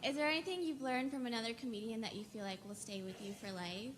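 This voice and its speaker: A young woman in her twenties asks a question from the audience, hesitant and giggly. She sits far from a noisy mic, and her voice rides a little high. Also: quick pace, in a large hall. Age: 20s. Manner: hesitant and giggly, with filler sounds. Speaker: audience member asking a question.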